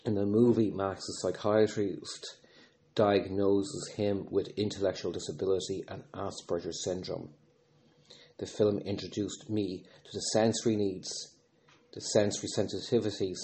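A man speaking as a podcast host and father in an earnest, reflective monologue, often pausing, restarting and using fillers. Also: deep voice, steady tone, mellow.

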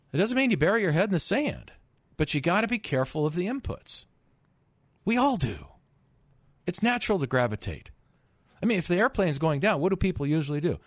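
A man's voice: fairly high pitch, very animated, fairly quick, no room sound. A middle-aged man hosting a finance radio show in a studio, talking emphatically with rhetorical questions and stumbling repeats. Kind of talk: call-in radio talk monologue.

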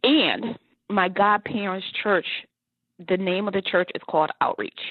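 Woman telling her life story, earnest and lively, sounds like a tinny phone line, dry. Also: medium pitch, unhurried, dry recording. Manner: earnest and animated, laughs often. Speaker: guest.

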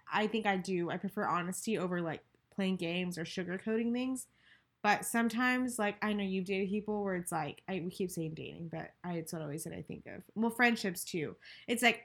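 Bright-toned and medium in pitch, a young woman from Texas chats casually as a podcast co-host. She keeps circling back, restarting sentences and leaning on filler words.

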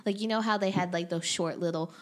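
A woman's voice: fairly low pitch, fairly even intonation, fast talker. A woman casually chatting in a movie review, talking loosely and filling with "like". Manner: chatty, many "like" fillers, bursts of laughter.

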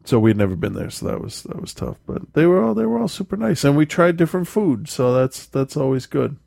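A man's voice: on the high side, animated, a little fast, gravelly, a little mellow, no room sound, studio quality. A man chatting casually as a podcast host, telling a meandering story full of restarts and laughs. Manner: rambling storyteller, self-correcting, laughs often. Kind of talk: casual chat.

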